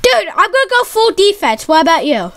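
A gaming YouTuber giving excited gameplay commentary, yelling often and straining her voice. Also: very high-pitched, brisk. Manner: excitable, yells a lot, says "dude" constantly.

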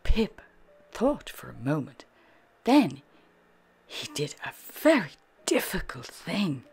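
Brief: woman reading a bedtime picture book, soft half-whisper, very slow, sing-song. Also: deep voice, sing-song, vocal fry, breathy edge, soft background music. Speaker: storyteller. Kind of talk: children's bedtime story read-aloud.

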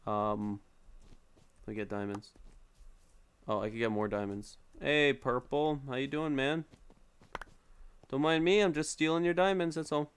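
Live-streaming a game, a young man chats casually with his viewers in an unhurried mid-range voice full of long pauses, with slight background noise behind him. He's jokey and playful, letting out yelps and pleas when things go wrong.

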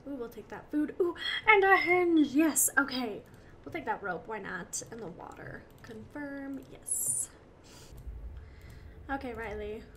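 A young woman with a high voice talks her way through a video game as its host. She laughs often, gets emotional and talks straight to her characters. A faint ambient noise sits under the recording. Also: expressive, measured pace, fairly bright tone. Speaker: gaming channel host. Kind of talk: let's-play commentary.

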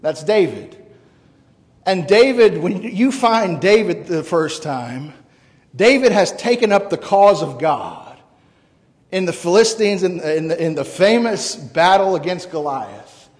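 High-voiced male pastor preaching in a reverberant church. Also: lively intonation, measured pace. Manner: earnest, conversational preaching with frequent repeated words. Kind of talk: sermon. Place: church sanctuary.

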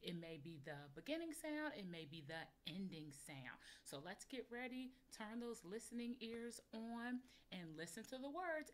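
Female kindergarten teacher, remote phonics lesson, lively pitch, unhurried, clear sounding-out. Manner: encouraging, sounds words out slowly and clearly for young children.

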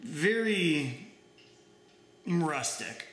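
A breezy, polite space alien chats casually and a little condescendingly, as a man reading a story puts it on. The voice is bright and slightly raised, and the room echoes. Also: on the high side, animated, very slow, full character voice. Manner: casual, chatty, mildly condescending.

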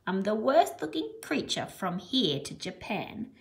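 A woman's voice: mid-range voice, sing-song, unhurried, gravelly. A woman reading aloud as a male warthog who brags about his ugliness in rhyme. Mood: boastful. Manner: sing-song rhyming delivery. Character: boastful ugly male warthog, gruff.

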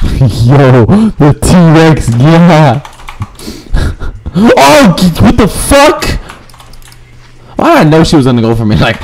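A man giving profane live commentary over his own gameplay, muttering low and then yelping up high when things go wrong. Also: a little mellow, slight background noise. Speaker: gaming YouTuber.

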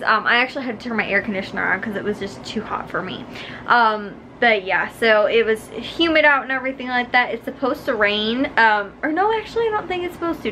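A woman's voice: fairly high pitch, bright, forceful tone, slight background noise, rough recording. A young woman chatting casually to the camera in a daily vlog, rambling on, speaking into a handheld camera mic outdoors and then in a car. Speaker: vlogger.

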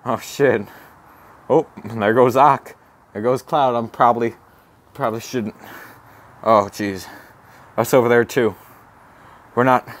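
Excitable swearing man vlogging outdoors. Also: medium pitch. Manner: excitable, gasping, swearing, awestruck exclamations. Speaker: comedic vlogger in character. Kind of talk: comedic walking vlog. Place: outdoors, walking around a campus. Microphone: handheld camera.

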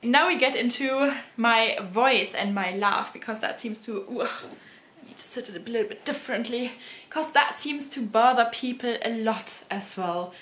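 A woman's voice: fairly high pitch, normal speed, a bit bright. Giggly woman with a German accent. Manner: laughs and giggles often. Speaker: luxury fashion vlogger. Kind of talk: casual chat to camera. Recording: roomy echoey room.

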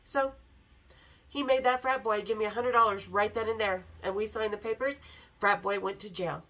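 A woman hosting a podcast, candidly telling a story with swearing and animated quoted lines. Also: medium pitch, moderate pace, poor audio. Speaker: podcast host. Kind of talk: casual storytelling.

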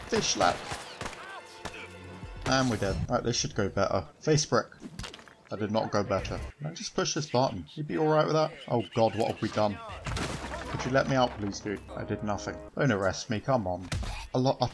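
A man's voice: mid-range voice, moderate pace, over music. Dry-witted man narrating gameplay. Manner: dry, sarcastic humour. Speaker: gaming channel host. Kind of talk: joking gameplay commentary.

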